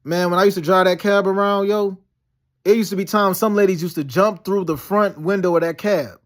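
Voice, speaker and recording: Man, high-pitched voice, casual rambling monologue, slangy, lots of fillers and restarts. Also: steady tone, fairly quick. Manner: meandering storytelling with many fillers and restarts; slangy, peppered with "yo" and "you know what I'm saying". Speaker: vlogger recounting dreams and past events.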